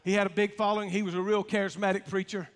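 A man's voice: high voice, flat delivery, quick pace, smooth. A man preaching a folksy, emphatic sermon, joking and calling out to his congregation. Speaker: pastor. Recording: long reverb of a large hall.

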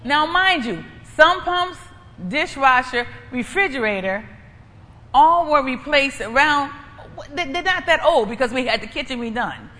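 Woman preacher, testimony style, emphatic and repetitive, lively pitch, hall reverb. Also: unhurried. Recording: echoey hall, faint ambient noise.

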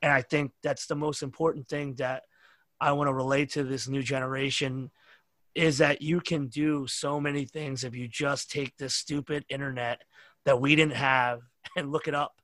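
Earnest man hosting, flat dry delivery. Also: medium pitch, normal speed, no room sound. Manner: earnest, appreciative, rambling with fillers. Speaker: podcast host. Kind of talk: casual interview podcast wrap-up.

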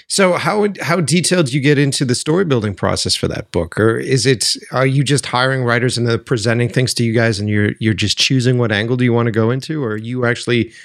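A man hosting a casual podcast, relaxed and candid, swearing casually. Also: medium pitch, fast talker, gravelly, hardly any pauses, dry recording, clean studio sound. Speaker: podcast host.

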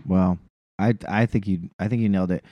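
A man's voice: low voice, steady tone, a little fast, dry recording, dull audio. A man co-hosting a podcast, chatting casually in a rambling, profane way. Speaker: podcast co-host. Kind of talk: casual chat.

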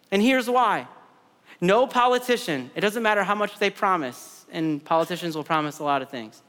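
A man's voice: high-pitched, fairly bright tone, smooth, in a large hall. A man in his thirties preaching a sermon in a conversational way, repeating words and adding side stories. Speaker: pastor.

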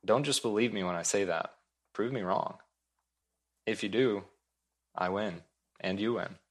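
A male pastor delivers a sermon in a low, deep voice. He speaks earnestly and with emphasis. He repeats his main points for weight. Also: unhurried.

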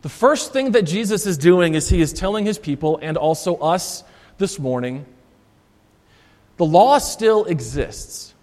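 A man's voice: high voice, expressive, measured pace, darkish tone. A male Lutheran pastor preaching a sermon, emphatic and repeating his key phrases for stress. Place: church sanctuary. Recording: long church reverb.

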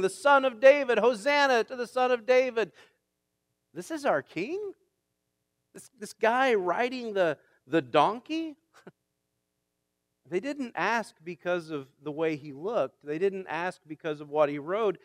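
A man, a pastor, preaching a sermon in a conversational way that builds to emphatic shouts. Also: on the high side, clean tone, dry recording, studio quality.

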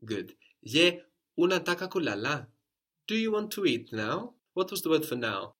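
A man's voice: fairly high pitch, very animated, moderate pace, a bit bright. A man teaching a language lesson, patiently explaining step by step and modeling phrases for a learner to repeat.

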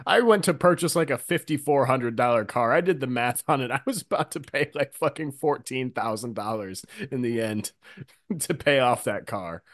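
A man's voice: medium pitch, normal speed, fairly bright tone, no echo, studio quality. A man co-hosting a podcast in casual chat, joking and swearing expressively. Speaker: podcast co-host.

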